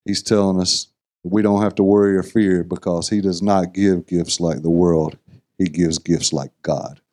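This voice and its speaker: A man teaching as a guest preacher, earnest and measured, laying out his points in slow, deliberate phrases. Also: low-pitched, fairly even intonation, a little mellow. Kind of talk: sermon teaching.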